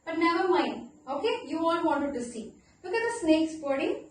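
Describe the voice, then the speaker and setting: High-voiced teacher in an echoey room. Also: female voice, distant mic, slight background noise. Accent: Indian English. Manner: animated, playful, asks children questions and spells words out slowly. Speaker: primary school teacher. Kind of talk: online class lesson for young children.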